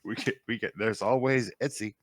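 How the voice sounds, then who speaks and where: Easygoing co-host, man, lowish voice, short laid-back answers. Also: fairly even intonation, fairly quick, dry recording. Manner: easygoing, brief replies. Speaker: podcast co-host. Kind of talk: casual chat.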